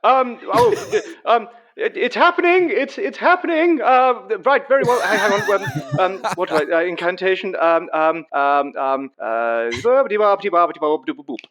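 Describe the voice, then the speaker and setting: A man's voice: high voice, animated, moderate pace, a bit bright, a little hiss or hum, voice pushed up. A man voicing a short-sighted, dithering old dwarf scribe who stammers and fusses. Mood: flustered. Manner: stammering, fussy, easily startled.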